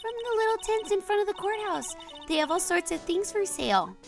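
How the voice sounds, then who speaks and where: A woman voicing a bubbly, excitable young female sidekick in a game read-aloud. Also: extremely high pitch, brisk, creaky, faint music behind, pitched above the performer's own voice, exaggerated voice. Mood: excited.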